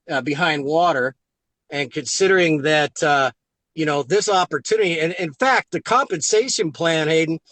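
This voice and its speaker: A man on a video call telling an excited story about his own results, acting out the lines of the people in it. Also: fairly high pitch, dry recording. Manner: excited, acts out quoted dialogue. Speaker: guest giving a product testimonial. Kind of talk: animated storytelling on a live call.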